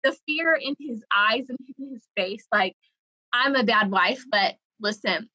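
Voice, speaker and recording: A young woman from the South tells a personal story in a loose, chatty way, peppering it with "like" and breaking into laughter. Her voice sits a little high and sounds bright and forward. The recording is close and dry, with no room sound. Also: no echo, dull audio. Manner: chatty, lots of "like", laughs while telling. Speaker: creative writing coordinator. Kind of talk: casual storytelling.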